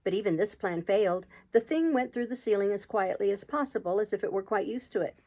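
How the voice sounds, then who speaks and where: A woman reading a children's classic aloud, narrating in a calm, steady way. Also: medium pitch, a little fast. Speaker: channel host reading a book aloud. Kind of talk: storybook narration.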